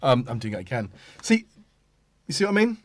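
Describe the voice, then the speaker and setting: Chatting with his audience through a studio mic, a middle-aged man from Britain hosts a rambling livestream, frequently interrupting himself. He's very animated and fairly quick, at medium pitch, with no room sound.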